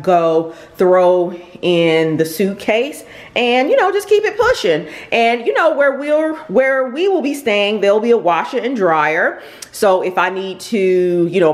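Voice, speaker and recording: A woman's voice: mid-range voice, echoey room. A middle-aged woman chatting casually in a haul vlog, thanking shop customers and describing clothes, with plenty of ums and repeated words. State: out of breath. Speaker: vlogger and shop owner. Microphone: camera or phone nearby.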